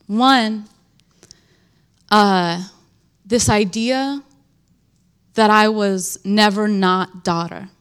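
A woman tells her personal faith story slowly and earnestly. She speaks in halting runs, fills her sentences with "like" and often restarts them. Her pitch sits in a middle range for a woman. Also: a bit bright, smooth. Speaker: churchgoer giving a testimony.

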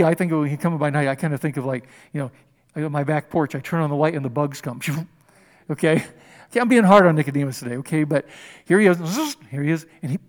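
A man preaching a conversational Bible sermon, animated and chatty with humorous asides. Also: a little high, in a large hall.

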